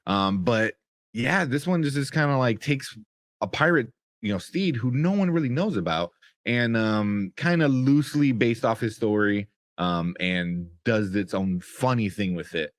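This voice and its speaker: A young man talks through a show review in a loose, rambling way, full of fillers and restarts. His voice sits fairly low. The recording is dry, with no room echo. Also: lively intonation, measured pace. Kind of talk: casual spoken review.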